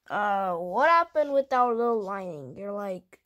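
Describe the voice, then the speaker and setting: A woman's voice: medium pitch, lively intonation, measured pace, hardly any pauses, fairly bright tone. A woman voicing toy figures in a playful stop-motion play, switching between characters in dialogue.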